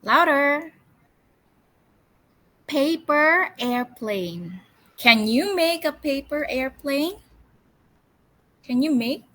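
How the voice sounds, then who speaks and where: A woman teacher runs a storytelling lesson for young children, her voice sitting a little high and ringing bright. She speaks very slowly, with cheerful coaxing questions, and has the class repeat each word after her. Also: poor audio. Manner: drills words with slow call-and-response repetition. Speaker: English teacher.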